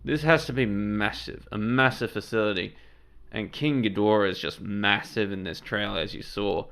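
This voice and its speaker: A man's voice: on the low side, moderate pace, vocal fry, fairly bright tone, a little hiss or hum. A man of Serbian background hosting his channel, giving casual, rambling reaction commentary on a trailer. He corrects himself as he goes and swears freely. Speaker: channel host.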